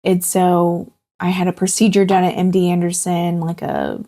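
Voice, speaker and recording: A woman in her thirties, a guest in an interview, talking in a halting, heartfelt way with many fillers. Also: lowish voice, flat delivery, warm tone. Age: 30s. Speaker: guest sharing her cancer journey. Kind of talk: candid personal interview.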